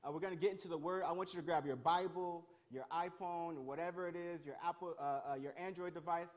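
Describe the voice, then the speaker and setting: A man leading an interactive Bible lesson, energetic and calling on his listeners. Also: fairly high pitch. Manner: energetic, calls on the crowd, quick restarts. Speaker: youth pastor.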